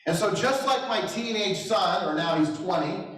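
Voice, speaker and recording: A man's voice: high voice, lively intonation, normal speed, fairly bright tone. A middle-aged man giving a motivational talk as a real estate trainer, telling stories with self-deprecating humor and chuckles. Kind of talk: motivational storytelling speech. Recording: echoey hall, distant mic.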